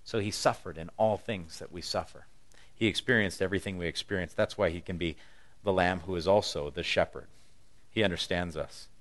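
A man's voice: low-pitched, brisk, fairly bright tone. A man pastor preaching a conversational, humorous sermon with emphatic stresses.

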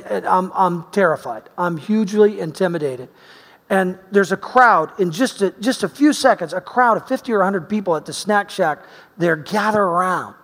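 A male pastor with a high-pitched voice preaches a sermon full of personal stories, swinging between loud emphasis and hushed asides like an animated storyteller. The recording carries the long reverb of a large, echoing hall.

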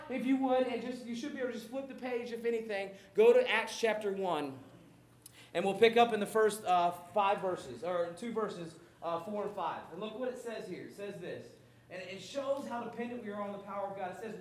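A man preaching a sermon, animated and jokey, acting out Bible scenes as he goes. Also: sits high, echoey room. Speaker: pastor.

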